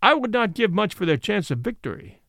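A man's voice: high voice, sing-song, a little fast, vocal fry, fairly bright tone, no echo, studio quality, full character voice. A man voicing a stern, principled country squire scolding others.

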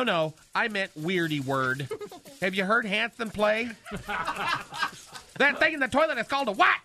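A man's voice: high voice, background noise. A man doing a campy, flamboyant gay man. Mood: chatty. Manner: fussy, theatrical, talks to unseen people. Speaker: comedy sketch character on a radio show. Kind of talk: radio comedy sketch.

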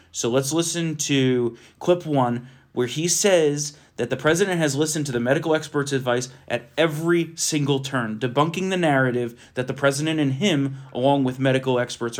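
A young man co-hosting a political podcast, talking emphatically and indignantly in casual chat. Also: mid-range voice. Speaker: podcast co-host.

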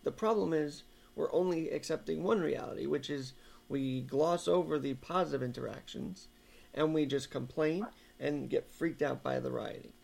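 Male co-host, heavy vocal fry, earnest opinion talk. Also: a little high, moderate pace, a little mellow. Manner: earnest, opinionated, building an argument. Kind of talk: casual political talk show chat.

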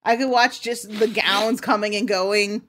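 A woman's voice: medium pitch, steady tone, a little slow, a bit bright, a little hiss or hum. A woman joining a casual podcast chat as a guest, enthusiastic and gushing.

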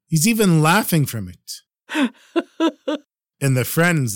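A man with a medium-pitched voice tells religious stories on a podcast, preaching a little and addressing his listeners fondly. The audio is studio quality with no echo.

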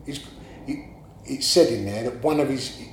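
A man, a guest telling animated stories in casual chat, often laughing and swearing. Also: medium pitch, normal speed. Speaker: guest artist. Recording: echoey room, faint background noise.

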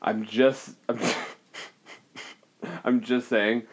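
A man co-hosting a comedy podcast, trading profane jokes and laughing loudly. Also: level tone, extremely slow. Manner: profane, laughing, jumps to loud high bursts. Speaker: podcast co-host. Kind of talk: casual comedy podcast banter.

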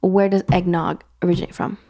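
A woman casually chatting and reading out trivia questions, animated and quick to laugh, often trailing off mid-sentence. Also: fairly low pitch, creaky. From Puerto Rican family background. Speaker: co-host.

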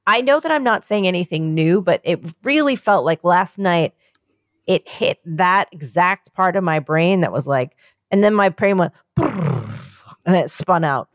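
A woman co-hosting a podcast in casual chat, rambling excitedly and swearing freely. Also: lowish voice, normal speed, dry recording, studio quality. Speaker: podcast co-host.

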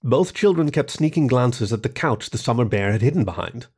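A man narrating a short story in an expressive reading voice. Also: mid-range voice, brisk, breathy edge.

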